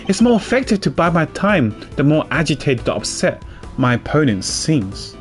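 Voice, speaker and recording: A man's voice: a little high, big pitch swings, moderate pace. A man giving casual gameplay commentary as a streamer, chatty with self-mocking asides. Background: faint game music.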